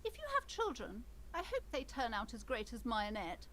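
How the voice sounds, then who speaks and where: Casting: proud bookshop owner, prim and pushy, high sing-song voice swooping widely. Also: female voice, huge pitch swings, normal speed, crowd noise. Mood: gushing. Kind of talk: game voice acting.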